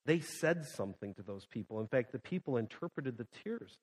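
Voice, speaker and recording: Impassioned pastor in a reverberant hall. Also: male voice, medium pitch, lively intonation, fairly quick. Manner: impassioned, swinging from loud emphasis to hushed quiet; repeats phrases for emphasis. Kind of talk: sermon.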